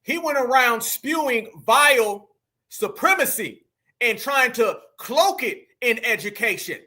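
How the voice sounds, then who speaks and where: A man with an extremely high, pushed and bright voice hosts reaction commentary at a measured, animated pace. He's preachy and mocking, repeating his points and firing off rhetorical questions.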